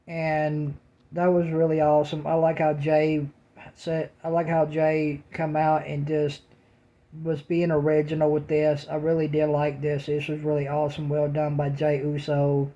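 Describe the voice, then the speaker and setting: A man talks through a recap in a casual reviewer's manner, his voice sitting slightly high yet dark and mellow in tone. His delivery barely moves in pitch, an almost flat drone. He keeps repeating the same words of praise. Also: a little slow, dull audio. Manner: repetitive, restating praise over and over. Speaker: wrestling show reviewer.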